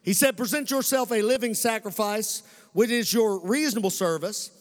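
High-voiced Kentucky preacher in a reverberant hall. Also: male voice. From Western Kentucky. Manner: preacher's cadence, slowing for emphasis, calling on the congregation. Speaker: pastor. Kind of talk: sermon.

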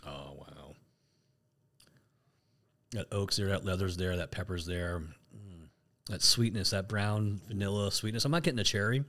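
A man with a fairly low voice co-hosting a relaxed tasting chat. He rambles, restarts his sentences and pokes fun at himself. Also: a little fast. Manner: rambling, self-correcting, laughs at himself. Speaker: podcast co-host.

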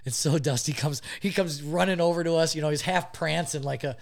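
A man telling a funny story in casual chat, animated and laughing often as he goes. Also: fairly high pitch, fairly quick, gravelly.

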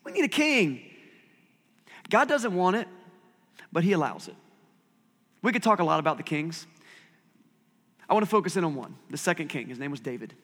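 A man's voice: on the high side, lively intonation, fairly quick, pauses often, fairly bright tone, big-room sound. A man preaching a sermon as pastor, talking conversationally with self-deprecating asides.

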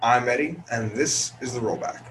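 A man's voice: mid-range voice, normal speed, a bit bright. Man, podcast host, tired morning voice, casual rambling review, faint hiss behind. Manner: chatty, loose, many ums and restarts. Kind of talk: casual solo movie review. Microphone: headphone podcast recording.

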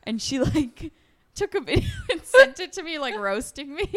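Giggly American woman with vocal fry. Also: sits high, huge pitch swings, normal speed, no room sound. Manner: giggly, playful, self-mocking. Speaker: podcast co-host. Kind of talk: casual chat.

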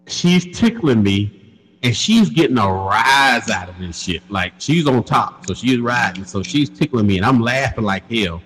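A man telling a crude story in casual chat, laughing often and animated. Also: mid-range voice, moderate pace, long reverb tail, rough recording.

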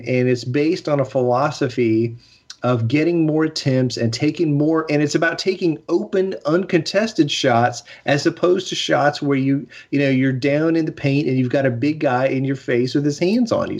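A man co-hosting a sports podcast in casual chat, enthusiastic and opinionated, speaking in quick bursts. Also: fairly high pitch. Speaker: podcast co-host. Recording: slightly dull lo-fi sound.

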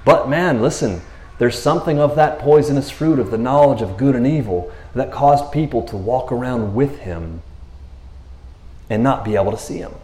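A man's voice: medium pitch, normal speed. Casual, chatty male preacher in an echoey room. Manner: conversational, animated, laughs often, keeps saying "you know what I mean". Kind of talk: casual sermon.

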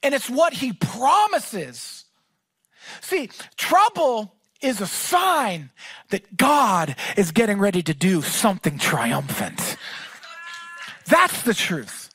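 A man preaching a sermon as pastor, talking in a casual, animated way that rises to shouts. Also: sits high, slow pace, breathy edge, dry recording.

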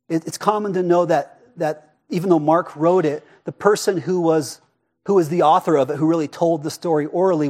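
A man preaching a sermon in a casual, conversational way, often asking "right?" and dropping to a hush for emphasis. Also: fairly high pitch. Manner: expressive, drops to a hush for emphasis. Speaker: pastor.

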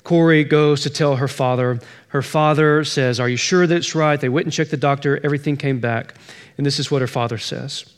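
A man's voice: medium pitch, fairly even intonation, a little fast. A man preaching as pastor, telling a story and pressing its point with emphatic repetition. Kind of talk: sermon.

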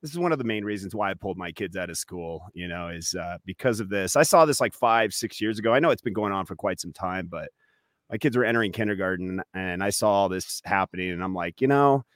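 A man's voice: low voice, fast talker, a bit bright, no room sound, clean studio sound. A man chatting as a guest, sarcastic and getting heated as he talks. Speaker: guest comedian. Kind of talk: casual political chat.

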